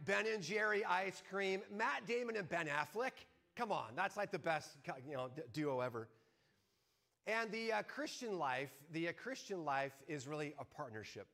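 High, gravelly pastor telling a story. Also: male voice. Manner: animated storyteller, acting out his own shouts. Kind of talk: sermon with a told story.

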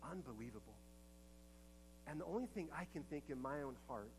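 A man's voice: on the high side, animated, normal speed, long pauses, background noise. Earnest preacher man, impassioned delivery. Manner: earnest and emphatic, swings between hushed and impassioned. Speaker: pastor. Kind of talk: sermon.

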